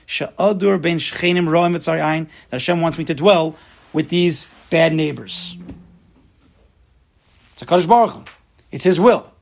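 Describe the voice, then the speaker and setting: A man's voice: high voice, vocal fry. A man teaching a class, emphatic, mixing Hebrew terms into his English. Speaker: Torah teacher. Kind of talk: lecture to a class.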